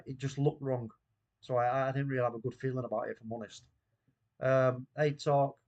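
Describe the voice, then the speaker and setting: A man's voice: mid-range voice, muffled recording. A man hosting a casual live watchalong stream, bantering, reading the chat aloud, and laughing often. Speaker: watchalong host.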